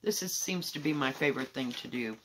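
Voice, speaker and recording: A woman casually showing her cross-stitch projects at home, rambling candidly with soft muttered asides. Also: extremely low pitch, a little fast, background noise. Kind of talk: casual show-and-tell chat.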